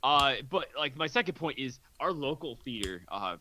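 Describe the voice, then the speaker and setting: Bright, animated young man. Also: mid-range voice, normal speed, a little hiss or hum. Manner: animated storyteller. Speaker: podcast co-host. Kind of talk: casual chat.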